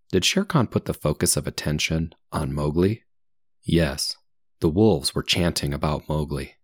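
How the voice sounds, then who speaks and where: A man reading a story aloud for English learners, slowly and clearly, with comprehension questions and answers in between. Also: extremely low pitch, no room sound, clean studio sound. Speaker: English teacher.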